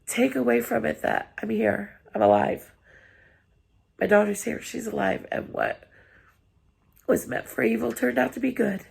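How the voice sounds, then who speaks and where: A woman vlogger talks to her viewers after crying, still tearful. Her slightly high voice is strongly gravelly and very husky. She sounds earnest, apologetic and encouraging. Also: expressive, a little slow, pauses often, darkish tone. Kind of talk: heartfelt personal vlog talk.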